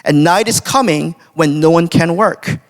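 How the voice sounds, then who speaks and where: A man's voice: on the high side, a little slow. A young man preaching a casual devotional sermon, talking conversationally with many fillers and frequent "right?" checks. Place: church sanctuary. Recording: long church hall reverb.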